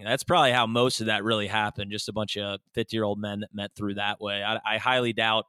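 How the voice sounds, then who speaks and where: A man's voice: lowish voice, flat delivery, brisk, hardly any pauses, sharp tone, smooth, no echo, studio quality. Rambling young man joking on a podcast. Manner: rambling, jokey, lots of fillers. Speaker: podcast co-host. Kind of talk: casual comedic chat.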